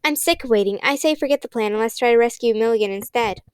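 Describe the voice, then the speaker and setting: Woman reading tough impatient girl, blunt, slightly higher, smooth, dry close storybook read. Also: quick pace, no room sound, lightly acted.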